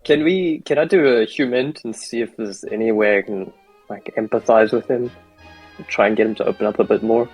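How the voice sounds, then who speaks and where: A man's voice: lowish voice, fairly quick, darkish tone, faint music behind, low-quality recording. A man playing a tabletop game, eagerly asking for rolls and checks. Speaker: player.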